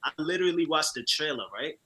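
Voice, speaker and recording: A man co-hosting a talk show, speaking in relaxed, slangy, enthusiastic casual chat. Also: on the high side, fast. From family from Trinidad. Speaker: co-host.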